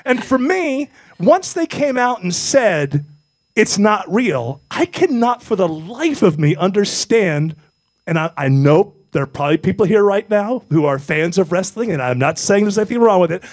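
Man in his fifties, talk show host, high swooping voice, animated and self-mocking, dry close sound. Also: moderate pace, no room sound. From Memphis, US South. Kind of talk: casual talk show banter.

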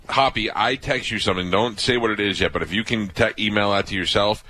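A man's voice: on the low side, a little fast, sharp tone. A man hosting a radio show, bantering and teasing his cohosts with mock threats.

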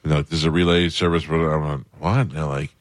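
A man's voice: very deep voice, flat delivery, fast talker, no echo. A man hosting a radio show, chatting casually and enthusiastically with his guest. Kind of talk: casual interview chat.

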